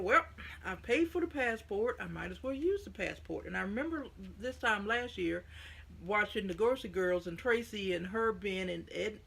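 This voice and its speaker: A woman's voice: on the high side, gravelly, a bit bright, breathy edge. A middle-aged woman with a Southern US accent, chatting to camera in a folksy, rambling way on her own vlog. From United States. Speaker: vlogger. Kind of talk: casual chat to camera.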